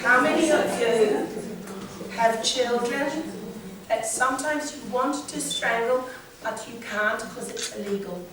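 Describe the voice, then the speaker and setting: A woman presenting a seminar to teachers, animated and joking. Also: a little high, slow pace, heavy background noise. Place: large hall. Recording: echoey hall from far off. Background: audience.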